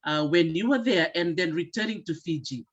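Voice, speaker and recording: A woman hosting an interview asks measured questions, pausing on her fillers. The sound is dull and lo-fi, as though the mic lacks top end. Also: on the low side. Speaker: interview host.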